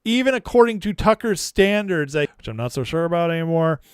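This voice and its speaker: A man hosts a live political stream in a higher, smooth and clear voice. He mocks the clips he plays with exasperated sarcasm, and the sound is dry and close to the mic. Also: expressive, a little fast, no echo. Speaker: political commentary host.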